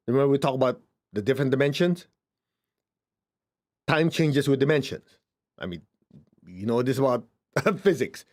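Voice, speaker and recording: A man teaching spirituality in a conversational way, checking in with his listeners often and jumping up in pitch for emphasis. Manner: lively, swings up in pitch for emphasis. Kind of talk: informal spiritual talk.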